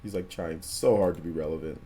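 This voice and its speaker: A man's voice: a bass voice, a little fast, mellow. A man hosting a gaming livestream in casual chat, laid-back and slangy, often repeating himself while answering viewers. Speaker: livestream host.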